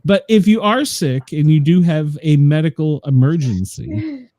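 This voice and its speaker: A man's voice: a little high, big pitch swings, a little slow, warm tone, no echo. A man co-hosting a casual news chat show, rambling with lots of fillers and chuckles. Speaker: co-host of a daily news show; former emergency responder.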